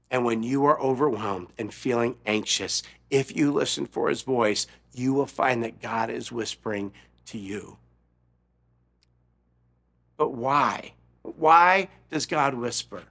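Bright-voiced man preaching, hushed to urgent. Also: medium pitch. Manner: dramatic swings from hushed near-whisper to raised urgent voice; repeats words and restarts, stresses key phrases slowly. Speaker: pastor. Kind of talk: sermon.

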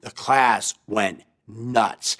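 A man's voice: lowish voice, very slow, fairly bright tone. A male pastor delivering a sermon, telling a story and acting out the voices of the people in it with rising emphasis.

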